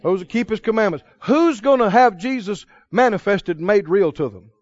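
A man's voice: high voice, expressive, normal speed, no echo, lo-fi sound. A man preaching a sermon, asking the congregation questions and repeating answers for them to call back. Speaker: pastor.

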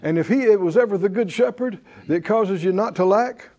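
Speaking a little fast, a preacher with a high, slightly mellow voice reads verses in an emphatic rhythm. He leads the gathered congregation in repeated call-and-response.

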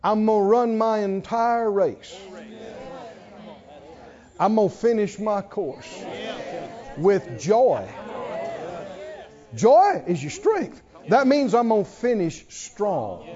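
Male pastor, high voice, slow deliberate delivery, dull lo-fi sermon recording. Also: some chatter behind. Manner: animated preaching, rising to near-shouts and dropping to hushed tones; laughs between lines.

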